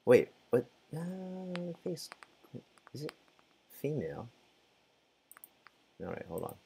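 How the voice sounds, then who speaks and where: A man's voice: fairly high pitch, big pitch swings, slow, vocal fry, warm tone, slight background noise. A man casually commenting as he plays a game, muttering, reacting and sometimes swearing. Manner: mutters and reacts while playing, swears, laughs. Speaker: gaming channel host.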